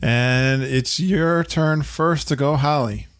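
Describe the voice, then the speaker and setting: A man's voice: a little high, slow pace, clean tone, dry recording, studio quality. A man hosting a podcast in casual chat, chatty and laughing often. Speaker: podcast host.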